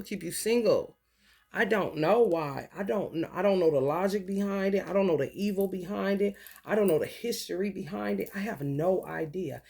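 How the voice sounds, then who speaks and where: A woman in a profane, confrontational spiritual monologue, swinging between low mutters and loud outbursts. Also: creaky, breathy edge. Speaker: vlogger.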